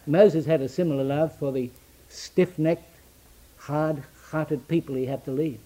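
Man preaching a sermon, a bit higher-pitched than most; works in short repeated phrases, slows down for stress, drops to a near-whisper. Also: steady tone, low-quality recording. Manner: rhetorical questions answered in short repeated phrases; swings from loud emphatic lines to hushed near-whispers.

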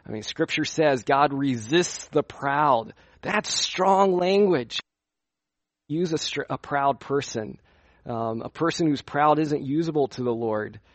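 A man's voice: medium pitch, unhurried, no echo. A young man preaching at a youth conference in a conversational way, asking his listeners questions as he teaches. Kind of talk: sermon.

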